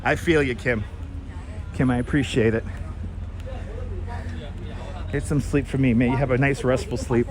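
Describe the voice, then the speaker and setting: A man's voice: mid-range voice, fairly even intonation, normal speed, pauses often, background noise. A man hosting a casual live walking-tour stream outdoors, chatting and greeting viewers by name on a clip-on mic. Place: outdoors on a city street. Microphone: wireless clip-on mic.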